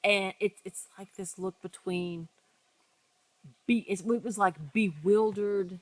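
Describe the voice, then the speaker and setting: A podcast co-host with a medium-pitched voice takes her time, speaking slowly with no echo. Telling a story in a casual chat, she is animated, acts out what people said and makes many restarts.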